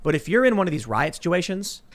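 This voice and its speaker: A man hosting a podcast, telling stories in a casual panel chat, animated, with frequent restarts. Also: high-pitched, fast talker. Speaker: podcast host.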